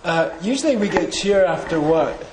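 A man's voice: sits high, lively intonation, moderate pace. Man teaching in an echoey room. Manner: casual, joking, leads group recitation. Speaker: Buddhist philosophy teacher. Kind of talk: classroom teaching. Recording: echoey room with background noise.

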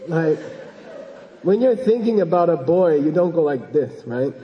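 A man's voice: a little high, animated, measured pace, in a large hall, highs cut off. A man giving an informal dharma talk as a Buddhist teacher, rambling and joking and often checking in with his listeners.

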